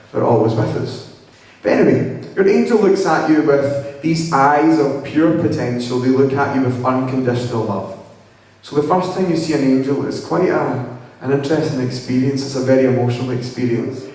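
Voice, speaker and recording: A young man tells his personal story to an audience in a lively, humorous way, acting out the dialogue. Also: mid-range voice. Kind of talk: storytelling talk. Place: hall with audience. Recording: echoey hall from far off.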